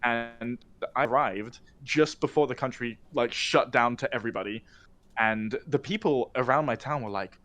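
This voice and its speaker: A man's voice: mid-range voice, normal speed, fairly bright tone. A man with a British accent, a guest on a casual podcast. His voice sits in the middle range. He rambles easily with fillers and pokes fun at himself. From United Kingdom. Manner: laid-back, self-mocking, rambling with fillers.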